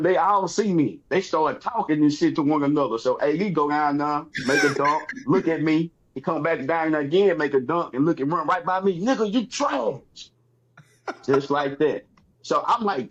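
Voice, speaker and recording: Here the Texas-born comedian guest, speaking with a Texan accent, spins lively stories in casual chat, imitating what others said. His voice runs on the high side at a moderate pace, and the audio is dull.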